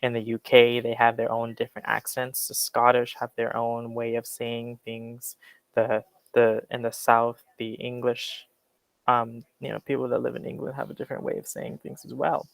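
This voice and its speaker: A man with a General American accent, teaching an English class in a relaxed, explanatory way with many fillers. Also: medium pitch, moderate pace, creaky, no echo, low-quality recording. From Western United States. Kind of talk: classroom lecture.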